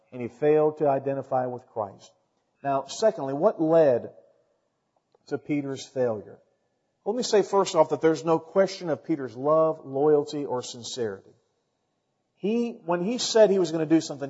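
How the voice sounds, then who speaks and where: A man's voice: on the high side, expressive, normal speed, warm tone, slightly rough. A middle-aged man preaching a sermon, earnest and emphatic, reading scripture aloud. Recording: dull lo-fi recording in a reverberant hall.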